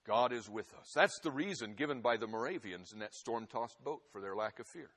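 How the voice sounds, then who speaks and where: A man preaching a sermon, swinging from loud, forceful emphasis to hushed, quiet passages. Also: medium pitch, animated, brisk. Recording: long hall reverb.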